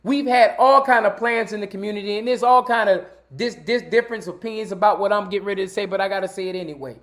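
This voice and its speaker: Preachy high-voiced man hosting a livestream. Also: quick pace, a bit bright. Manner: preachy, repetitive, pleading with viewers. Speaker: livestream show host. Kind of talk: live-streamed commentary monologue.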